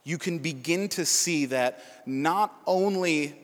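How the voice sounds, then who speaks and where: A man's voice: fairly high pitch, slow, in a large hall. A male preacher giving Bible teaching, reading scripture aloud and breaking off for casual asides to the listeners.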